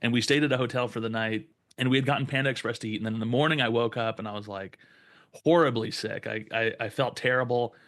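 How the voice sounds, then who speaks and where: A man's voice: medium pitch, fast talker, dry recording. Profane young man telling a story. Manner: profane, animated retelling with quoted voices. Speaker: podcast co-host. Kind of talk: casual storytelling.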